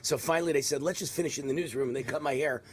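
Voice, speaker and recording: This host, a man in his sixties, runs a live political stream and talks rapid-fire in a slightly high voice. There's a faint New York accent, a rambling, animated delivery packed with mockery, and a little hiss or hum in the audio.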